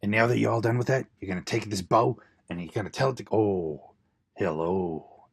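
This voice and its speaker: A man's voice: lowish voice, normal speed, gravelly, slightly rough. A young man improvising a sarcastic, rambling voice-over for his wife's makeup video, with mock-tutorial asides.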